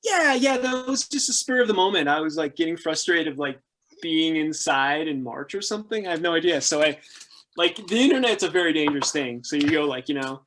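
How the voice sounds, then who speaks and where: As a guest on a podcast, a man in his thirties swaps travel stories in a casual interview, his slightly high voice moving at a brisk clip. He's animated and laughs a lot, jumping sharply up in pitch to play the people he quotes.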